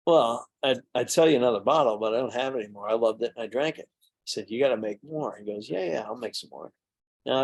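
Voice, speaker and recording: Middle-aged guy w a gravelly voice, chatty mead maker telling long stories, lots of ums and restarts. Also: lowish voice, a little mellow. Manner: rambling anecdotes with fillers and restarts. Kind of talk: casual storytelling during a tasting.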